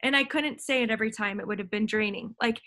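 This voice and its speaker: A woman's voice: a little high, fast, pushed and bright. Affirming woman podcast host. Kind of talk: casual podcast conversation.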